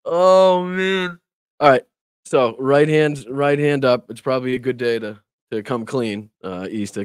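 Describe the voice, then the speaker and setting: A man's voice: medium pitch, unhurried, clean tone, no echo, clean studio sound. A man hosting a casual political livestream who talks straight to his chat, laughs often and swears when annoyed. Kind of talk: casual live-stream commentary.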